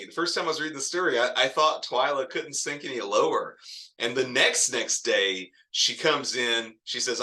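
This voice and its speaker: Male lit teacher, casual and rambling, very bright tone. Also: mid-range voice. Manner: chatty, digressive, laughs often. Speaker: literature teacher. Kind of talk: casual classroom lecture.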